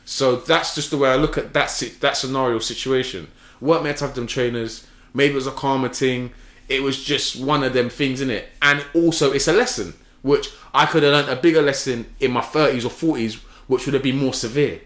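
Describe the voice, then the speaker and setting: A man telling a story in casual chat, slangy and animated, acting out the dialogue. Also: medium pitch, fairly quick. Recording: echoey room.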